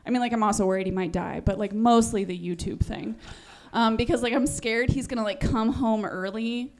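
A woman's voice: on the high side, a little fast, darkish tone. A young woman comedian telling a rambling, self-deprecating stand-up story, full of "like" and "um". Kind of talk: stand-up monologue.

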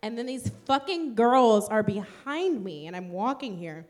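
A woman's voice: fairly high pitch, lively intonation, a little slow, darkish tone. A woman co-hosting a podcast, telling stories in blunt, profane, sassy casual chat. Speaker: podcast co-host. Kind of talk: casual comedic storytelling.

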